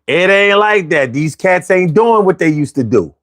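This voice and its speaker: A man's voice: high voice, expressive, moderate pace, a bit bright, dry recording, clean studio sound. A man hosting a casual talk show for viewers, speaking conversationally, asking rhetorical questions and repeating phrases for emphasis. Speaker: vlog host.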